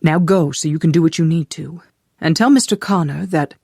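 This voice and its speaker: A narrator voicing a spirited young woman, disguised as a boy, who talks in a quick, teasing and emphatic way. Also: medium pitch, vocal fry, darkish tone, breathy edge, dry recording, clean studio sound.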